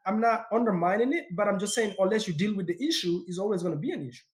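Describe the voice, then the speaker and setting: A man with a non-native English accent, a podcast guest talking in an energetic, emphatic way and repeating words when excited. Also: high-pitched, racing. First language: not English; speaks four languages. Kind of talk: casual podcast conversation.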